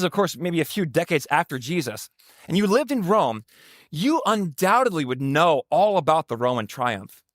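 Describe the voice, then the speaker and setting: A man's voice: sits high, no echo, clean studio sound. A man, a pastor, preaching a sermon in a conversational way with joking asides to the congregation.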